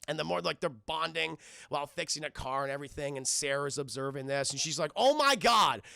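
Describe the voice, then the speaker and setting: A young man casually recapping a film on a live stream, animated and profane, constantly addressing chat. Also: on the high side, quick pace, vocal fry, no room sound, clean studio sound.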